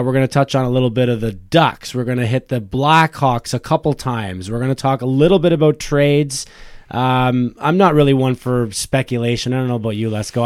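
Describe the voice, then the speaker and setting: A man's voice: mid-range voice, smooth, dry recording, clean studio sound. A man co-hosting a casual hockey podcast, chatty and loose, swearing now and then. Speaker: podcast co-host. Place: small studio at a bar.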